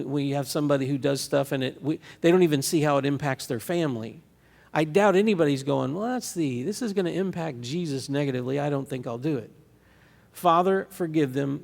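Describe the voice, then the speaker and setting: A man preaching a sermon in a casual, conversational way, often restarting his sentences and pausing on fillers. His mid-range voice has a gravelly edge. The sound carries a long reverb from the large church hall around him. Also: mid-range voice, a little mellow. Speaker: pastor. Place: church sanctuary.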